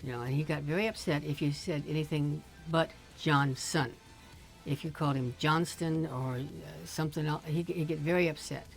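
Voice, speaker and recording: An older woman with a somewhat low voice chats easily and tells stories, often breaking into laughter. Faint music plays behind her. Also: fairly even intonation, normal speed. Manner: chatty storyteller, laughs often. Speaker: streamer's mother, guest. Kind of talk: casual chat.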